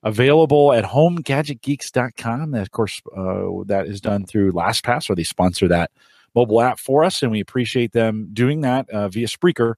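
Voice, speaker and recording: A man's voice: mid-range voice, moderate pace, darkish tone, dry recording, studio quality. A man hosting a podcast in casual chat, rambling and friendly with lots of fillers. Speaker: podcast host.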